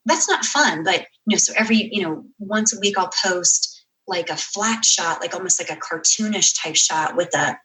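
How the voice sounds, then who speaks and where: Woman guest on a podcast, animated and rambly, fixes her own details as she goes. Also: on the low side, poor audio. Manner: animated storyteller, quick asides and self-corrections. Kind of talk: casual interview chat.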